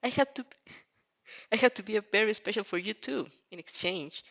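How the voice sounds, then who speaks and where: A cocky young winged hero who teases and banters, laughing between his words, as a fanfic reader puts him on. The delivery is playful and easygoing, with a casual, mid-pitched tone. It sounds like an amateur audio fanfic reading. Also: normal speed, gravelly, fairly bright tone. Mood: teasing. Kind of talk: fanfic read aloud.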